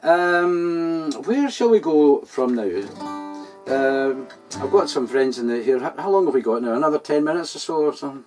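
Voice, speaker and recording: A man's voice: a little high, animated, normal speed, a little mellow, faint music behind. A Scottish man hosting an online folk gig, chatting casually and a little self-deprecatingly between songs. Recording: voice from a distance off the mic.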